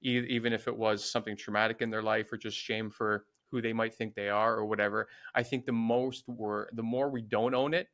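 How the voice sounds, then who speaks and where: A man's voice: fairly low pitch, level tone, brisk, few pauses, a bit bright. A man hosting a podcast who speaks reflectively and searches for his words as he goes. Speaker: podcast host. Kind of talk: conversational interview.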